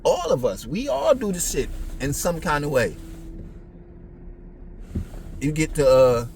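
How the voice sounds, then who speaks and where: A man's voice: fairly high pitch, big pitch swings, unhurried, long pauses, background noise. A man, talking in a casual, blunt, profane monologue full of street slang. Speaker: podcast host.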